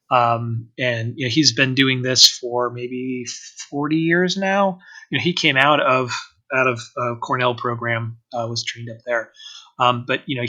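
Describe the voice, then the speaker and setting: Bright-voiced man, halting and filler-heavy. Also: mid-range voice, low-quality recording. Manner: hesitant, lots of fillers and restarts. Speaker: organic winery owner, guest. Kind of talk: casual interview talk.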